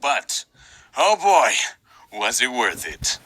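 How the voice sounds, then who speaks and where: Animated high-voiced young man. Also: moderate pace, no echo, poor audio. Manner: animated, self-mocking, bursts into shouting. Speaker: animation vlogger. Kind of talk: comic storytime narration.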